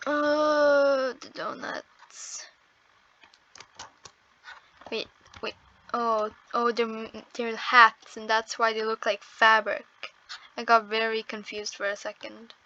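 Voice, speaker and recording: A woman's voice: on the high side, completely flat delivery, unhurried, sharp tone, muffled recording. A woman giving casual gameplay commentary on her first video, nervous and apologetic, exclaiming often. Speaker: first-time gaming video creator.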